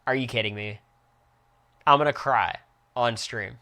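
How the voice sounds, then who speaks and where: Young male streamer, bright and crisp, casual reactive commentary. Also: medium pitch. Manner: quick, reactive play-by-play with excited outbursts.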